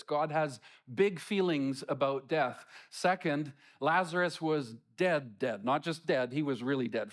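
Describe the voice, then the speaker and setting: Guy pastor giving a sermon, fairly high voice, lively, swings up and down a lot. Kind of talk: sermon reading scripture with commentary.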